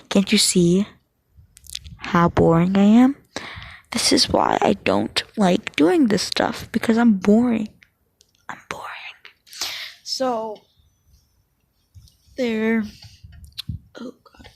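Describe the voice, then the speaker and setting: A woman's voice: mid-range voice, lively intonation, slow, vocal fry, long pauses, slightly rough, rough recording. A woman casually retelling a fan story, rambling and self-deprecating, with lots of ums and likes. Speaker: channel host. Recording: background hiss.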